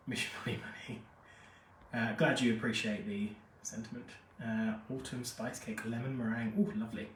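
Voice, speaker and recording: A man's voice: mid-range voice, fairly even intonation, normal speed, slight background noise. A man hosting a live fragrance review, chatty and gushing, reading out viewer comments while feeling unwell. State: unwell after a jab, feverish. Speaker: fragrance expert host. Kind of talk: live-stream product review chat. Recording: echoey room, mic at a distance.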